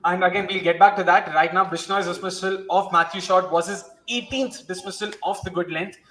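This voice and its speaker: A man's voice: high-pitched, steady tone, fairly quick, fairly bright tone, a little hiss or hum, rough recording. A man with an Indian accent hosting a live cricket watchalong, rambling and switching between Hindi and English. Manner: rambling, mixes Hindi and English, self-correcting. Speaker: host.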